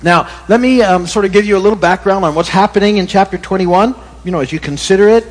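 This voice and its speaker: A middle-aged male pastor giving a relaxed, conversational sermon that wanders into corny jokes. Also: sits high, fast talker. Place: church. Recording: long reverb in a church hall.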